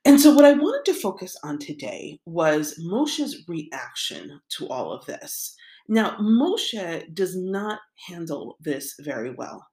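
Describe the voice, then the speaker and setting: Animated woman teaching scripture casually. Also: fairly low pitch, slow pace. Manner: conversational, animated, paraphrases the text in everyday speech. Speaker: Torah teacher.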